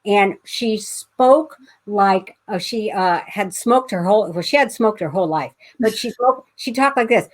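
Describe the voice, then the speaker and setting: A woman's voice: mid-range voice, unhurried, hardly any pauses. A middle-aged woman from Pasadena, a guest author, telling a family anecdote in casual conversation with many fillers and restarts. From Pasadena, California.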